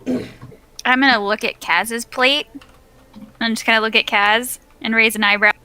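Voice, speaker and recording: Bright-voiced woman player. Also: a little high, steady tone, a little slow, clean tone, low-quality recording. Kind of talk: tabletop game play.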